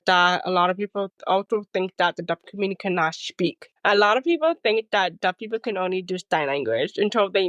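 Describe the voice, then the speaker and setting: Woman chatting in an interview, middle pitch, lots of "like", acts out what people said, dead dry room. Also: no room sound, muffled recording. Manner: animated storytelling, acts out quoted people; says "like" and "you know" often. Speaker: guest, speaker and coach. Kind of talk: casual interview talk.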